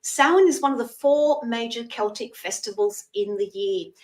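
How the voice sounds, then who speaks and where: Chatty woman in her 60s, higher voice. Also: normal speed, darkish tone, distant mic, poor audio. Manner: chatty, thanks viewers by name, explains traditions. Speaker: psychic show host. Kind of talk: live streamed psychic reading show.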